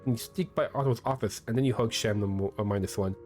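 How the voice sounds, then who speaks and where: A man's voice: fairly low pitch, fast talker, darkish tone, faint music behind, close to an everyday voice. A man reading out a whimsical oddball game character. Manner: rambling, whimsical storytelling.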